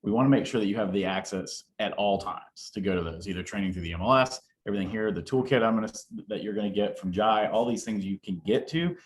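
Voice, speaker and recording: A man co-leading a training session, telling stories in a fast, emphatic, self-deprecating way. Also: on the low side, a little hiss or hum. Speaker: co-leader of the training. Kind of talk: animated storytelling.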